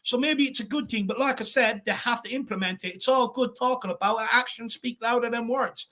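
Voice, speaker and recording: An Irish man co-hosting a fan channel, chatting casually on a live stream and reading out viewer comments with shout-outs. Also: very high voice, a little fast. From Ireland.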